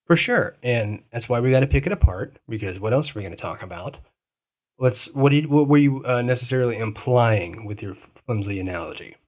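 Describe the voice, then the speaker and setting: A man's voice: mid-range voice, expressive, a little fast, a little mellow. Teasing, rambling podcast guy. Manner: teasing, rambling, swears freely. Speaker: podcast co-host. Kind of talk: casual chat.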